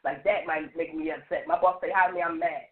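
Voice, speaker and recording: A woman on a radio panel, telling stories with lively restarts and lots of "like". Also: low voice, brisk. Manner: animated storytelling with many restarts and repeated "like". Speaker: roundtable panelist. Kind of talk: casual radio panel chat. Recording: tinny phone-line sound.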